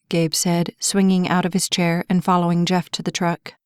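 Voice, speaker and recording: A woman narrating a romance novel as an audiobook, telling the story in an even, clear way. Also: fairly low pitch, normal speed, no echo, studio quality.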